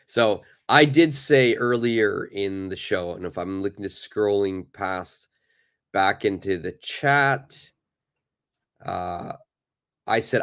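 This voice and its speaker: A man's voice: lowish voice, animated, takes it slowly, pauses often, a bit bright. A man teaching a live online English lesson, chatting loosely with many fillers and reading from the chat.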